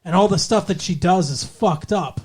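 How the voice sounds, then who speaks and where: A man's voice: high voice, normal speed, a little mellow, husky. A man co-hosting a podcast, giving blunt, profane opinions in a casual movie review chat. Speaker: podcast co-host.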